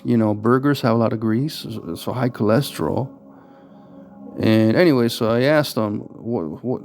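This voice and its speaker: A man's voice: on the low side, mellow. A man talking casually to camera in a rambling vlog, with lots of fillers and restarts. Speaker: vlogger.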